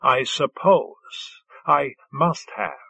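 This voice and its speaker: Man doing a quiet wry lover, slow husky delivery. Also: medium pitch, expressive, no room sound, exaggerated voice. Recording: dull lo-fi recording.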